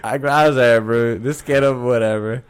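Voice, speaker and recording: A man's voice: mid-range voice, fairly even intonation, moderate pace, smooth. A man co-hosting a casual podcast chat, telling stories in a rambling way and laughing often. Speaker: podcast co-host.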